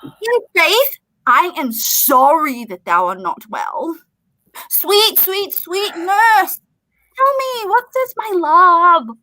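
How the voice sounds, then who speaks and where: A woman's voice: extremely high pitch, big pitch swings, slow pace, pushed and bright, full character voice, poor audio. A woman playing an impatient young girl in love in a Shakespearean stage drama, pleading and theatrical. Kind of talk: Shakespearean stage acting over video call.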